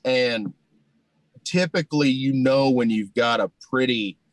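A man's voice: medium pitch, measured pace, no echo, poor audio. Folksy man spinning a humorous yarn. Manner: folksy, humorous, animated retelling; many fillers like "you know". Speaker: hunter telling a story. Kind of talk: casual storytelling.

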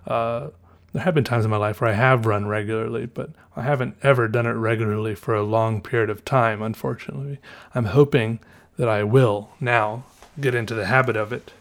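A man with a light Southern US accent chats to his viewers in an unhurried, wandering way. He stops to correct himself and muses out loud, trailing off and circling back to his thoughts. His voice sits at an ordinary middle pitch. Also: steady tone, gravelly. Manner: meandering, self-correcting, musing aloud. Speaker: vlogger. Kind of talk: casual rambling monologue.

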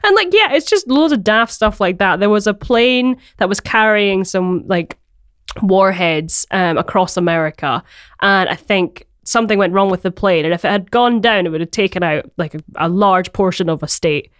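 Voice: medium pitch, lively intonation, normal speed, fairly bright tone, clear, resonant tone, no echo, studio quality. A Glaswegian songwriter from Scotland, chatting as a podcast guest in a rambling, hesitant way with many ums and laughs. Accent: Glaswegian Scottish. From Glasgow, Scotland. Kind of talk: casual podcast chat. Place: podcast recording.

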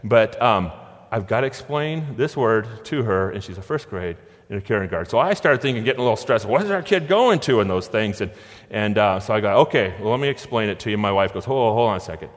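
A man's voice: on the low side, brisk. A middle-aged man giving a conversational sermon with stories and chuckles. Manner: conversational, anecdotal, with frequent restarts and chuckles. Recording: long hall reverb.

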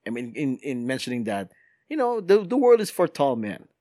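A man hosting a casual podcast chat, animated and laughing often as he reads out news items. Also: medium pitch, normal speed, no echo, clean studio sound. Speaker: podcast host. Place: London.

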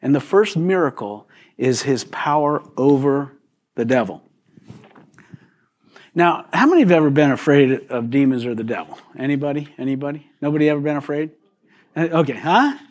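A man preaching a sermon in a relaxed, conversational way, often putting questions to the congregation. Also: on the high side, normal speed. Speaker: pastor.

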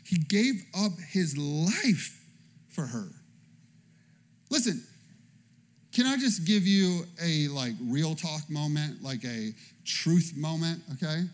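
A man's voice: on the high side, slow. A man in his thirties or forties preaching a sermon in a chatty, humorous way, telling personal stories and often checking in with "okay?". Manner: animated, conversational preaching with frequent "okay?". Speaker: pastor.

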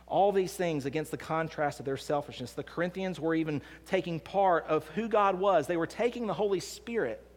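A man preaches with passion, dropping to near-hushed lines and then rising again to emphatic ones. His voice sits fairly high for a man. It rings with the long reverb of a church sanctuary. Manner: impassioned preaching, swings between soft and emphatic. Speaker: pastor. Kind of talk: sermon.

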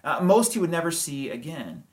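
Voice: mid-range voice, big pitch swings, moderate pace. Conversational pastor preaching a sermon. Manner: conversational preaching with hedges, rhetorical questions and chuckles.

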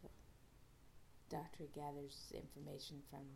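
A woman's voice: sits low, little pitch movement, measured pace, vocal fry, a little mellow, slight background noise. A woman podcast host casually recapping an episode, rambling with many fillers and restarts.

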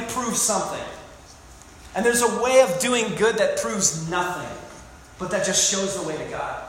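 With a high, fairly bright voice, the pastor presses his sermon home, repeating phrases and asking the congregation questions. Very echoey hall acoustics come through, along with faint room noise.

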